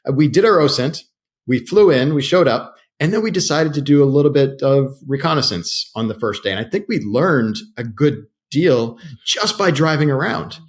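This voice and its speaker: A man co-hosting a podcast, relaxed and conversational, steering the talk with questions. His voice is mid-pitched and even. He recounts a job in a plain, easy way. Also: moderate pace. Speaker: podcast co-host. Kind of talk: casual conversational chat.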